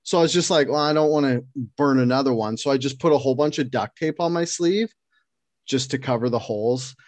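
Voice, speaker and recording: A man co-hosting a podcast, telling work stories in a casual, animated way, laughing and swearing often. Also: mid-range voice, a little fast, dry recording. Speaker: podcast co-host.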